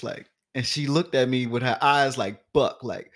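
A young man holds the floor on a casual podcast, telling a story in a relaxed, mid-pitched voice. He slips into the other people's voices as he tells it, and his laughter breaks through again and again. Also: moderate pace, hardly any pauses. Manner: animated, acts out quoted voices, laughs often. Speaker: podcast co-host.

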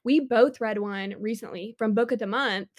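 A chatty woman co-hosts a casual podcast, her voice sitting a little high. She talks in an upbeat, rambling way, hopping from one tangent to the next. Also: normal speed. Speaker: podcast co-host. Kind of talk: casual chat.

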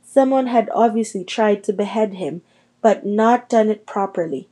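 A woman's voice: mid-range voice, normal speed, dark tone. Woman reading a children's novel aloud. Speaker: reader. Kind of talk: audiobook narration.

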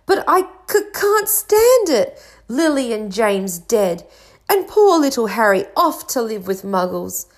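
A woman's voice: fairly low pitch, normal speed, natural voice. A woman voicing a huge, shaggy male half-giant who sobs and stammers in a storybook reading. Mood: sobbing. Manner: sobbing, stammering.

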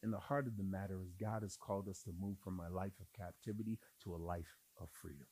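A man preaching a sermon in an animated way, acting out Bible characters in changing voices. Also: low voice, quick pace, slightly rough, dry recording.

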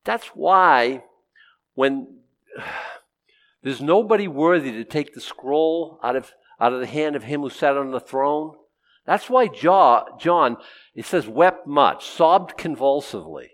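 A middle-aged man preaching an expository sermon, conversational and humorous, swinging from loud outbursts to low asides. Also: expressive, takes it slowly.

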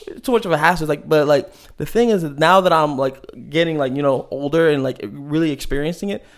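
Chatty rambling man, slightly high voice. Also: fast talker. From Maryland. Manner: rambling, lots of fillers and laughs. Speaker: podcast guest. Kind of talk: casual interview chat.

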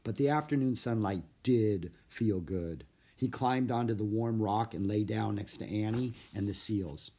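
A man reading a children's storybook aloud in an expressive, lively narration. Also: fairly low pitch, measured pace, slight background noise. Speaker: audiobook narrator.

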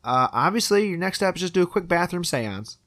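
A man's voice: sits high, big pitch swings, a little fast, fairly bright tone, no room sound. A man casually recapping a movie on a podcast, acting out the characters' lines as he retells the scenes. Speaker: podcast co-host. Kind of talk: casual film recap chat.

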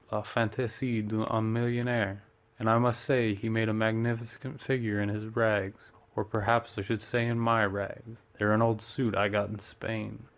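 A man's voice: on the low side, lightly acted. A man voicing a worldly, amused male painter who teases his friend and drops French phrases.

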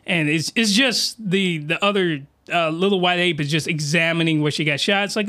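Man, high voice, rambling, full of fillers, crude comic review. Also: moderate pace, hardly any pauses, bright, forceful tone. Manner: rambling, rough-edged, with many fillers. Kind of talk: crude comedic commentary.

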